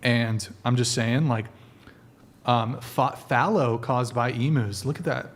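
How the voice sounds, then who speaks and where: A man's voice: mid-range voice, slow. Guy hosting a live podcast, loose and profane, bossing the crew around. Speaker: podcast host. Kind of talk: casual live-stream banter.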